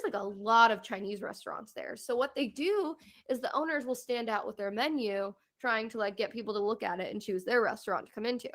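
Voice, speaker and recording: A woman's voice: fairly high pitch, fairly bright tone. A young woman co-hosting a podcast, chatting casually about a trip, laughing often and acting out what people said. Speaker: podcast co-host.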